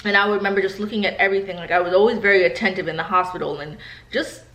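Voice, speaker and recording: A woman's voice: medium pitch, fairly even intonation, racing, fairly bright tone. A woman in her thirties from New York, telling personal stories to camera in a candid, chatty way and often speaking straight to her viewers. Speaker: vlogger. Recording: echoey room.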